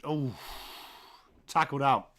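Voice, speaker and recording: A man with a Northern English accent hosting a live football watchalong, calling the play and chatting with viewers, swearing casually and shouting at big moments. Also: medium pitch, slow pace. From England. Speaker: livestream host.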